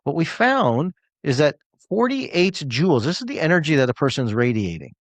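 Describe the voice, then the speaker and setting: A man's voice: on the high side, very animated, moderate pace, dry recording. Emphatic man giving a motivational talk. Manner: emphatic and repetitive, leans on key words. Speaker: motivational speaker.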